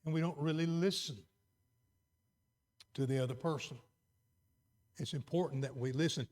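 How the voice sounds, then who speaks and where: A middle-aged man preaching a sermon, moving between quiet, earnest emphasis and raised exhortation. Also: on the high side, moderate pace.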